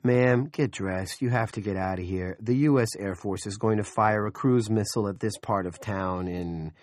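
A man's voice: fairly low pitch, normal speed, darkish tone, no room sound, studio quality, natural voice. A man doing Junior, an exasperated crude cop. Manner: exasperated, profane lecturing. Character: impatient young male cop, crude and exasperated.

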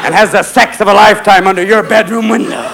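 A man doing a profane stand-up routine, jumping into high voices for animals. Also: fairly even intonation, quick pace, gravelly. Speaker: stand-up comedian. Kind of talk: stand-up routine before a live audience. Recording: live club recording with crowd noise.

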